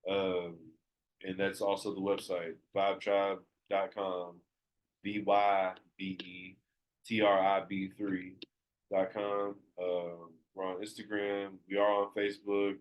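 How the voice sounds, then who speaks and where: A man's voice: low voice, flat delivery, slow pace, dull audio. A man as a podcast guest talking in casual chat, blunt and laid-back, with frequent ums.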